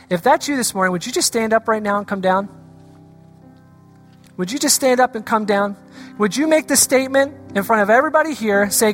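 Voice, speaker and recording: Woman pastor, altar call, earnest and pleading, higher pitch, soft music underneath. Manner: earnest, pleading, reads scripture slowly.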